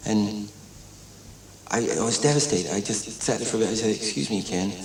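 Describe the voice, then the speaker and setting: A man's voice: on the low side, moderate pace. Older man telling animation studio stories. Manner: animated storytelling, acts out quotes, many restarts. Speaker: animator and director. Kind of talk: documentary interview reminiscence. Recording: echoey room, distant mic, crowd noise.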